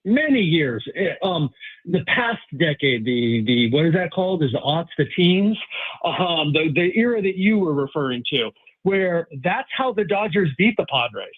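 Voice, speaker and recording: A man's voice: a little high, husky. Rambling man on a tinny phone line. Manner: rambling, hesitant, many restarts and fillers. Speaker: sports columnist guest. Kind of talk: casual sports talk.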